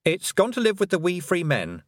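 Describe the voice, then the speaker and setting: A man doing a sensible young girl who speaks softly and earnestly in a lifted voice, her pitch moving up and down. The storybook voice is close and dry. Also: wildly swooping pitch, moderate pace, dry recording.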